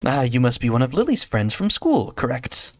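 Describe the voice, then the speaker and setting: A man's voice: mid-range voice, very animated, unhurried, bright, forceful tone, breathy edge, no room sound, voice pushed up, exaggerated voice. A man voicing an enthusiastic, overeager middle-aged mother answering the phone while reading a visual novel aloud. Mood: cheery. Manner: cheerful, overeager. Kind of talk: visual novel read-along voice.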